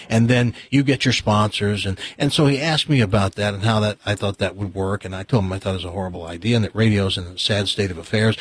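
A man's voice: lowish voice, breathy edge, no room sound. A man hosting a talk radio show, chatting casually and teasing his guest while telling stories. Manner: playful, teasing, tells anecdotes. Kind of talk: casual on-air banter. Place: radio studio.

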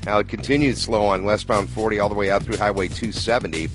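A man giving a matter-of-fact radio traffic report, briskly listing crashes and slowdowns. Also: on the low side, fairly even intonation, music in the background.

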